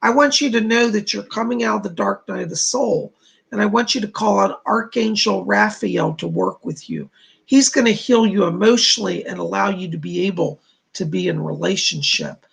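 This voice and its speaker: A man's voice: sits high, moderate pace, creaky, fairly bright tone, slightly rough. A man hosting a livestream, giving psychic readings to viewers, reassuring and chatty with many fillers. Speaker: psychic medium host.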